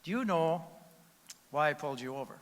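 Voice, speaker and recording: A man's voice: a little high, expressive, brisk, fairly bright tone, in a large hall. A man doing a stern traffic cop. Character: stern no-nonsense male police officer.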